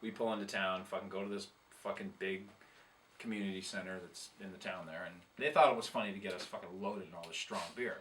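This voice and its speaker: A man's voice: deep voice, steady tone, quick pace, a bit bright, recorded from a distance, a little hiss or hum. A man telling a long, rambling, profane tour story in casual chat, laughing at himself as he goes. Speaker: guest musician telling tour stories.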